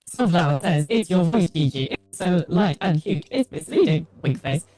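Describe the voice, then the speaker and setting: A woman reading live chat messages aloud on a livestream in an unhurried way. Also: on the low side, expressive, mellow, low-quality recording. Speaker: chat reader.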